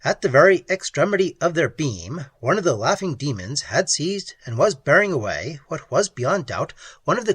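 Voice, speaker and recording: An audiobook narrator reading a classic science fiction tale with lively, dramatic storytelling. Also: slightly rough, dry recording. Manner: lively, dramatic storytelling, swinging widely in pitch. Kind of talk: slow, expressive audiobook narration.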